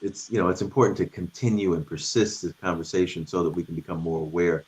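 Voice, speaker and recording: Very low-voiced earnest man guest. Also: fairly even intonation, fast talker, a little mellow. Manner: earnest, thoughtful, many restarts. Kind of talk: reflective conversation.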